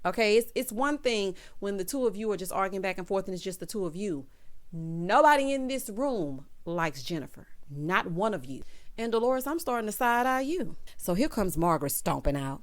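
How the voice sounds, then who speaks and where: A woman recaps a reality show in a sassy, chatty vlog. She talks to the cast as if they could hear her, and her pitch sits in the middle for a woman. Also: normal speed. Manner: sassy, animated, talks straight to the people she discusses. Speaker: recap vlogger.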